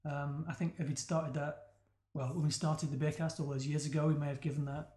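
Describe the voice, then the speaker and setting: A man hosting a casual podcast about beer, fast, rambling and jokey, recording with friends in a flat. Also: a little high. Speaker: podcast host. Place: flat in Edinburgh. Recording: roomy flat.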